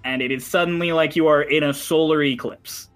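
A man's voice: on the high side, fairly even intonation, fairly quick, a bit bright, faint music behind. A man narrating a tabletop game as game master, in a loose, chatty way with many fillers.

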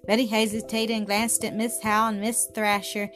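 A woman's voice: mid-range voice, little pitch movement, moderate pace. Woman reading a story over music. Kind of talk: scripted narration. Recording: music playing behind the voice.

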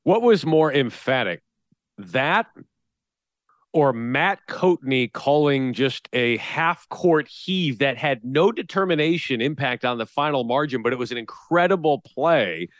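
A man's voice: mid-range voice, lively intonation, measured pace, dry recording, studio quality. A man co-hosting a sports talk podcast, joking and teasing his co-host and reading out listener poll results.

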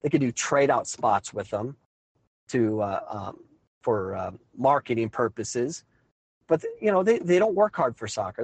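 Middle-aged male coach, fed-up ranting monologue, mid-pitched, dry close recording. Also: lively intonation, unhurried, darkish tone, slightly rough, no echo, low-quality recording. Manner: exasperated, ranting. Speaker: high school soccer coach. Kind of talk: frustrated monologue.

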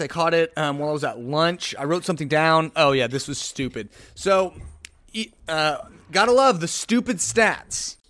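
A man's voice: fairly high pitch, a bit bright. A man hosting a casual solo sports podcast, rambling with sarcastic asides.

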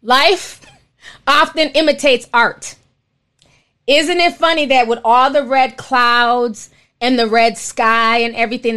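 High-voiced animated woman streamer. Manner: animated, exclaiming, calls listeners honey. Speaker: live-stream host reading viewer chats. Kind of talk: casual storytelling chat.

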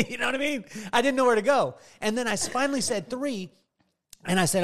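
A man's voice: sits high, sing-song, fairly quick, fairly bright tone. A middle-aged man hosting a podcast in casual chat, telling jokey stories and laughing often. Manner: joking storyteller, laughs often. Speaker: podcast host.

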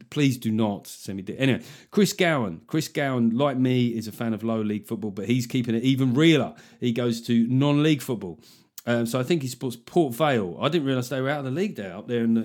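A middle-aged man hosts a podcast, chatting casually and working in puns. His voice is medium-pitched with a darkish tone.

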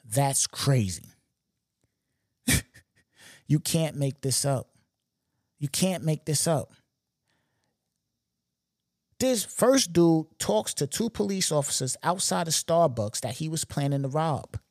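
A man's voice: fairly high pitch, sing-song, takes it slowly, long pauses, darkish tone, dry recording, studio quality. A man hosting a podcast, retelling stories in a casual, slangy and emphatic way with frequent asides to the listener. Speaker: podcast host. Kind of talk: casual storytelling monologue.

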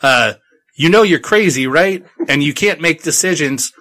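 A man's voice: a little high, animated, moderate pace, sharp tone. A man doing a scornful, bossy woman. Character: bossy, contemptuous woman in charge.

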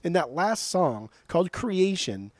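Blunt, swearing man with a mellow voice. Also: high-pitched, big pitch swings, measured pace, no room sound. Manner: blunt, profane, repeats words when starting sentences. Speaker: podcast co-host. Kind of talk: casual chat.

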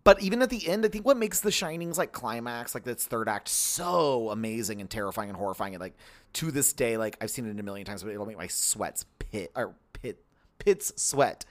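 A young man co-hosting a casual podcast, his pitch swinging up and down as he talks. He rambles through his thoughts in an animated way, full of filler words, at a middling pitch. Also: a little fast. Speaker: podcast co-host. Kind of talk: casual podcast chat about films.

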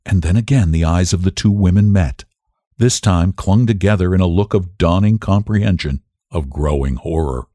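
Low-voiced man narrating an audiobook. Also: moderate pace, dark tone, no echo, clean studio sound.

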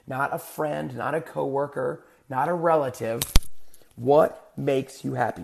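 Middle-aged male life coach, gravelly timbre, earnest and rhetorical, motivational monologue. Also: medium pitch. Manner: earnest, repetitive, rhetorical questions.

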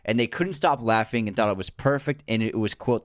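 A man co-hosting a podcast, reading film trivia in long relaxed runs and laughing easily. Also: fairly low pitch, fairly quick, no room sound, clean studio sound. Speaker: podcast co-host.

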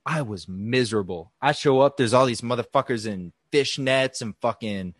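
A young man co-hosting a podcast, talking in a loose, profane, excitable way. His voice sits in an ordinary middle pitch and sounds close and dry. He is sweaty in a small hot room. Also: normal speed, no room sound. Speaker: podcast co-host. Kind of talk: casual chat.

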